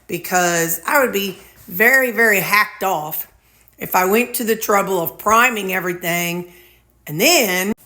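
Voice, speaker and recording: A woman's voice: medium pitch, sharp tone. A middle-aged woman chatting casually to camera in her home kitchen, folksy and teasing. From Missouri. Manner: chatty, folksy, teasing, sings snatches to herself. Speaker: vlogger. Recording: roomy echoey kitchen.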